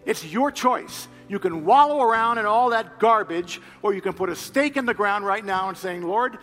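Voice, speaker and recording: A man preaching a sermon, telling a personal story with loud animated retellings and quiet earnest appeals. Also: sits high, moderate pace. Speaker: pastor. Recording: reverberant hall with faint music.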